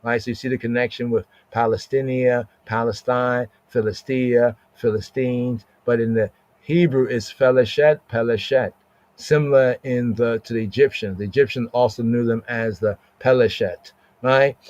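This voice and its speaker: A man's voice: mid-range voice, fairly even intonation, normal speed, darkish tone. Man teaching, dull lo-fi sound. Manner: repeats words, asks "right?" often, reads Hebrew aloud. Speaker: podcast teacher. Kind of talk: Bible word study, casual teaching.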